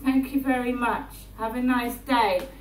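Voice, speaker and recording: A woman, rambling through a personal monologue in her flat and often checking in with "right?". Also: on the high side, a little slow. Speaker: vlogger. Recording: roomy, distant mic, faint hum.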